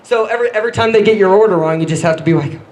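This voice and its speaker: A young man performing a stand-up comedy set, halting and self-deprecating, often stumbling and restarting his lines. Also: sits high, rough recording.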